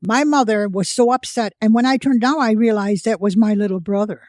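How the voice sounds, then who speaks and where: Woman in her eighties, from the US, podcast guest with a lively storytelling manner, dry close recording. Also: mid-range voice, fairly quick, dry recording. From United States. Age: 80s. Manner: vivid storyteller who acts out quoted voices. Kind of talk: personal storytelling.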